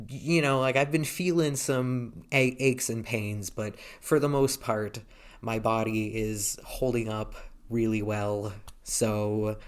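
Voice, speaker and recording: A man in his thirties talking casually to a handheld camera, hesitant and rambling, with many restarts. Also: on the low side. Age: 30s. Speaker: vlogger. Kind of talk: casual vlog talk.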